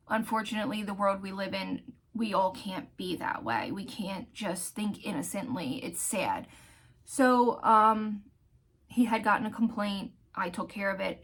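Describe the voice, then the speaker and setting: A woman vlogger telling a personal story in a candid, heartfelt way, often pausing to search for words. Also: medium pitch, a bit bright. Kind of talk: casual storytelling vlog.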